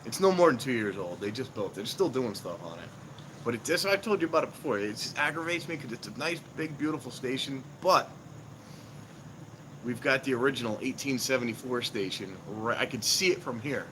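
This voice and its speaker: A man's voice: medium pitch, expressive, brisk. Chatty man rambling outdoors, noisy background. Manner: chatty, chuckles often between remarks. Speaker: vlogger. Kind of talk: casual rambling storytelling. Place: outdoors at a train station at night. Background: outdoor ambience.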